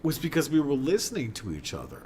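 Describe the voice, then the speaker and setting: A man's voice: fairly high pitch, wildly swooping pitch, quick pace, darkish tone. A man talking earnestly about playing music with his bandmate in a casual podcast chat.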